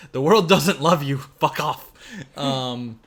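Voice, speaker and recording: A young man co-hosting a podcast, chatting casually about a film with lots of laughter and swearing. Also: a little high. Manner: animated, laughing, swearing, putting on silly voices. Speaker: podcast co-host. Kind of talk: casual chat reviewing a film.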